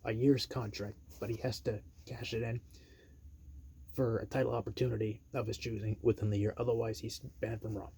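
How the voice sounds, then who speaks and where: A man casually pitching an imagined storyline, rambling and acting out quotes in a raised voice. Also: little pitch movement, brisk, dark tone, slightly rough.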